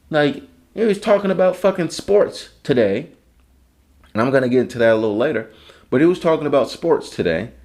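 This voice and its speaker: A man's voice: fairly high pitch, a little mellow. A man from Chicago hosting a solo comedy podcast, ranting with heavy profanity and sarcasm. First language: English. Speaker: podcast host.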